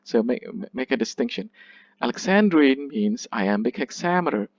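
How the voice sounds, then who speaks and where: In a dry, lo-fi recording, a male literature teacher lectures at a normal pace with a medium-pitched, expressive voice. His manner is hesitant and patient: he keeps checking on his audience, restarts, and fixes his own wording.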